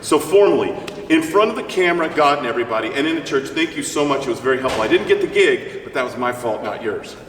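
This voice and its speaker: A man's voice: medium pitch, fast. A middle-aged male opera singer talking as an interview guest, joking and rambling as he tells stories. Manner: joking, rambling, animated storyteller. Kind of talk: casual interview chat. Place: church. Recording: roomy church hall, mic at a distance, faint hiss.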